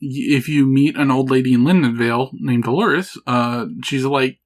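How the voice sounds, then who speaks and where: A man's voice: medium pitch, normal speed, hardly any pauses. Chill guy on a podcast, average voice, laughs a lot, swears casually. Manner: laid-back, laughs often, swears casually. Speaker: podcast co-host. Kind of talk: casual chat about a video game.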